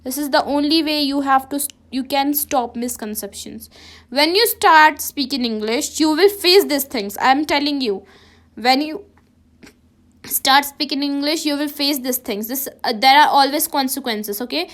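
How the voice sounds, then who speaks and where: Speaking at a normal speed, this Ladakhi-accented female teacher has a high, somewhat bright voice as she teaches a class. Her delivery is full of restarts and self-corrections, and nearly every sentence ends with a checking "okay?".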